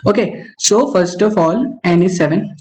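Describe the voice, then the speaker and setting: At a normal pace, in a mid-range and slightly mellow voice, a young adult teaches algorithms over an online webinar, repeating "okay" constantly and halting mid-sentence to self-correct. It's a coding lecture picked up by a call mic, with dull lo-fi sound.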